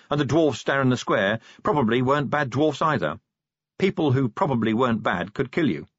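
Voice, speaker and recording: A man narrating an audiobook in a wry, expressive way. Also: mid-range voice, husky, dry recording. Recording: dull dry audiobook recording.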